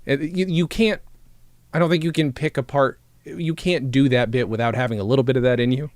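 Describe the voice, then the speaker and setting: A man hosts a podcast, musing out loud in casual chat. His voice sits in the middle of the range. The recording is dry and close, with no room sound. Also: mid-range voice, fairly even intonation, a little fast, dry recording. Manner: thoughtful, wondering aloud with restarts. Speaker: podcast host.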